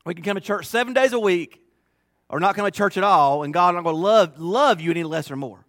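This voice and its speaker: A man's voice: sits high, lively intonation, brisk, fairly bright tone, no room sound, studio quality. A male pastor preaching a sermon in a conversational, emphatic way, often repeating phrases.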